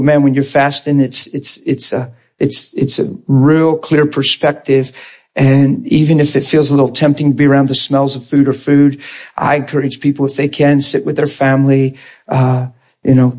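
Preacher, male, husky tone, easygoing informal sermon delivery, keeps asking if listeners follow. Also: mid-range voice, a little mellow. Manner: informal and plain-spoken, checking in with listeners. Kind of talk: conversational sermon.

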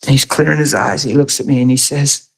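A man preaching a sermon, an animated storyteller who laughs often and swings his voice up high in acted-out quotes. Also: fast talker, vocal fry, husky.

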